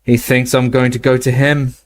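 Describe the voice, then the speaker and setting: A man's voice: mid-range voice, little pitch movement, moderate pace, lightly acted. A man voicing a determined teenage boy wizard hero in an audiobook reading, earnest and urgent.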